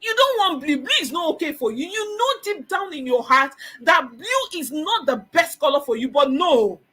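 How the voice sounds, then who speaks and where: A woman's voice: sits high, big pitch swings, moderate pace, fairly bright tone. A woman giving a motivational counseling talk, emphatic, repeating phrases and acting out the voices she describes. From Nigeria.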